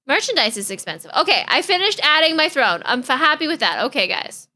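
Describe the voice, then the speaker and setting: A woman's voice: sits high, big pitch swings, a little fast, sharp tone. A young woman streaming live, chatting casually in a bubbly, giggly, easily distracted way.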